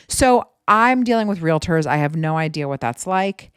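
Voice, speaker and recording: A woman's voice: low voice, animated, normal speed, clean tone, no echo, clean studio sound. Chatty woman telling a story at home. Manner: chatty, rambling, many "like" and "right?" asides. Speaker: podcast host. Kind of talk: casual storytelling monologue.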